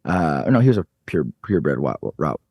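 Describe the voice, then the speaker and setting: A man in his thirties telling a story on a podcast, animated and swearing freely. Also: rumbling low, normal speed, breathy edge, no room sound. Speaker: podcast guest. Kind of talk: casual storytelling.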